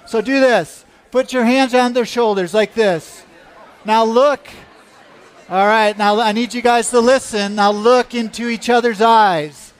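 A man's voice: very high voice, steady tone, a little slow, clean tone, some chatter behind. A man giving an earnest talk at church about a mission trip, and leading the congregation in a hands-on exercise. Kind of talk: sermon.

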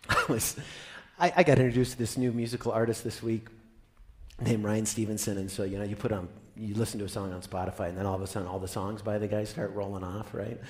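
A man preaching a sermon, animated, swinging from loud exclamations to soft, almost whispered lines. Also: lowish voice, quick pace, slightly rough. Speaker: pastor.

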